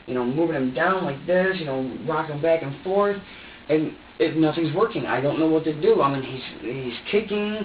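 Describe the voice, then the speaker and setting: A man's voice: fairly high pitch, moderate pace, distant mic, slight background noise. A man under police interrogation, recounting events to detectives in a rambling way, repeating himself and acting out his own words. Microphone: far room camera. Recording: echoey, dull room recording from afar.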